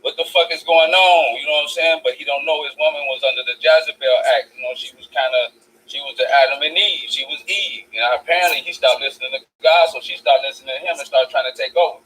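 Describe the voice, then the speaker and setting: A man rattles off a story at a rapid clip in a bright, forceful voice, animated and profane. He acts out both sides of a heated conversation and peppers it with "I said". The pitch sits a little high for a man. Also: slight background noise, low-quality recording. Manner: streetwise slang, many repeated "I said". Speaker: vlogger. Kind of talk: casual storytelling monologue.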